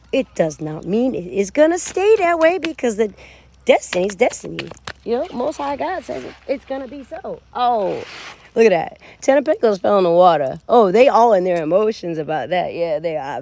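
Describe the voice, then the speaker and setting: A woman's voice: medium pitch, normal speed, gravelly, slight background noise. A woman giving a casual tarot reading, talking straight to her viewers as she turns the cards. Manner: animated, talks straight to viewers. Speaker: tarot reader.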